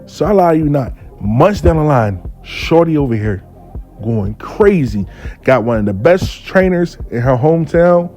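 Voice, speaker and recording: Man, reconciliation worker, blunt and profane storyteller; mellow, slightly high voice over faint music. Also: animated, a little slow. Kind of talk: casual storytelling monologue.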